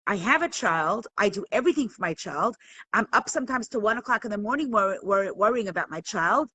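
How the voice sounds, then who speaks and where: A woman's voice: medium pitch, lively intonation, fairly quick, pushed and bright, slight background noise, rough recording. Earnest woman teaching a live class. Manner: earnest, questioning, engages the audience. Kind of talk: live-streamed talk to viewers.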